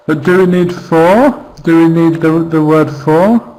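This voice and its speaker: A man's voice: a little high, measured pace, darkish tone, low-quality recording. A man teaching an online English grammar class, patiently repeating example phrases and checking in with questions.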